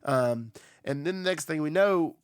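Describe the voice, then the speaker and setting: A young man co-hosting a casual podcast chat, recapping scenes in a relaxed way and quoting lines playfully. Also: fairly high pitch, moderate pace, smooth, dry recording, clean studio sound. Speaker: podcast co-host.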